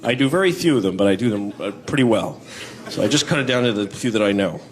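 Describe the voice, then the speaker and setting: A man's voice: lowish voice, expressive, quick pace. A man doing an observational stand-up routine with a wry, rambling delivery and silly impressions. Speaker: stand-up comedian. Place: comedy club before a live audience. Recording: crowd laughter and ambient noise.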